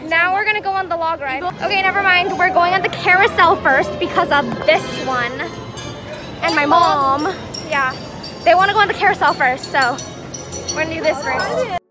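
A woman's voice: very high-pitched, moderate pace. A young woman vlogging at an outdoor theme park, chatty and giggly, filming on a handheld phone. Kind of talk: casual vlog chat. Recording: loud crowd and music noise.

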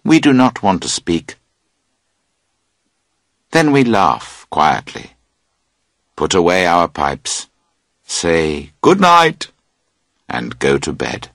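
Slow husky man reading a story. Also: no room sound, clean studio sound. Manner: slow expressive storytelling with wide pitch swings. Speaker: audiobook narrator. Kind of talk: scripted narration of a graded reader.

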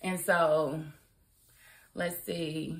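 A woman giving a casual, opinionated spoken review of a TV episode, chatty and quick to laugh. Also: low-pitched, level tone. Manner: chatty and opinionated, laughs often, mimics characters. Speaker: TV show reviewer.

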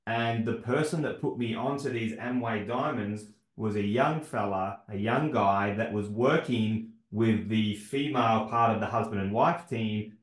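A man's voice: on the low side, measured pace, few pauses. Man, host of a video call, chummy and jokey, roomy echo on the voice. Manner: jokey, chummy, says "mate". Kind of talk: casual hosting on a video call.

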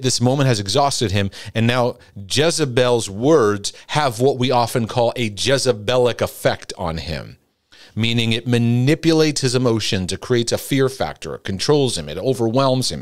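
A middle-aged man teaching in a sermon-like broadcast, acting out pleading prayers in a high voice. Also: no echo, clean studio sound. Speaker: Christian teacher and coach.

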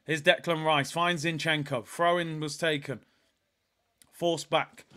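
A young man hosting a live football watch-along, reacting with frustration and shouting at the players. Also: a little high, flat delivery, unhurried. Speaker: fan watch-along host.

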